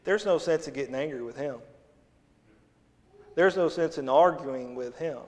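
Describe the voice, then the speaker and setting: A man with a drawl preaches from the pulpit, his voice sitting a little high for a man. He mixes homespun humor with scripture, going loud for emphasis and dropping low for asides. The long church reverb hangs after each phrase. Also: normal speed, slight background noise. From Missouri, USA. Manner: folksy and humorous, shifting between loud emphasis and quiet asides. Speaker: associate pastor. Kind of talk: sermon. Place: church sanctuary.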